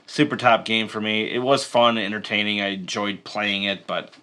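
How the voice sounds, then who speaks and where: A man's voice: fairly low pitch, flat delivery, normal speed, pushed and bright, clear, resonant tone. A man co-hosting a live board game stream. He chats casually and reads the rules aloud as he plays. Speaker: co-host of a board game channel. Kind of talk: casual chat while playing a board game.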